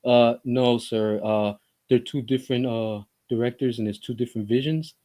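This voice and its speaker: Here, a man plays a flustered male studio executive who stammers and hesitates, filling his answers with little filler sounds. The pitch sits in the middle for a man's voice. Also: fairly even intonation, moderate pace, dark tone, natural voice.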